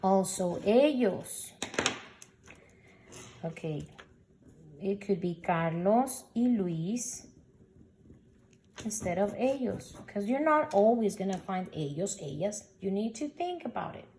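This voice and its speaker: A woman's voice: mid-range voice, expressive, slow pace, pauses often, mellow, a little hiss or hum. A woman teaching a recorded Spanish grammar lesson, patiently explaining and sounding out example words.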